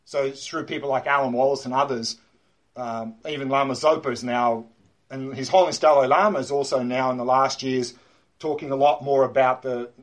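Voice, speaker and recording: A man's voice: mid-range voice, a bit bright, breathy edge. A man giving a dharma talk to a class as a meditation teacher. He is emphatic, repeats key words and points to a diagram as he explains.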